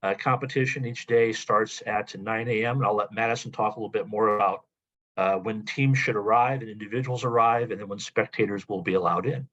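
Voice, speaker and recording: A man's voice: fairly low pitch, fairly even intonation, brisk, fairly bright tone, dull audio. A man briefing coaches in a webinar, methodical and full of "uh" and "um" fillers. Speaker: athletic association administrator. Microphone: video call.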